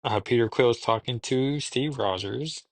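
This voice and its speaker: A man's voice: medium pitch, a little slow, no room sound. A man hosting a podcast, casually recapping a story in a rambling way, thinking aloud with frequent ums. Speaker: podcast host reviewing comics.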